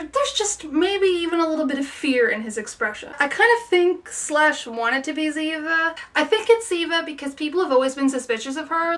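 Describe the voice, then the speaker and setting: A woman's voice: sits high, pushed and bright, distant mic. A woman giving a chatty, opinionated review of a TV episode, rambling through her thoughts. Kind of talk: casual solo review.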